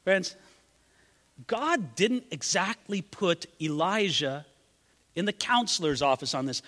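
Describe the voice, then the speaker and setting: A man's voice: high voice, animated, slow, a bit bright, in a large hall. A man preaching a sermon, dramatically acting out quoted prayers in a raised voice. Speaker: pastor.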